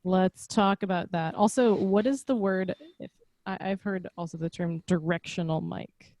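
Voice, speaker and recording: A woman hosts a class discussion in a chatty, curious way and keeps asking questions. Her voice is fairly low and mellow. She speaks close into a directional mic, and the sound is dry. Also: steady tone, normal speed, no echo. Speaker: festival host and podcast host. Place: home room. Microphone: directional microphone close up, video call.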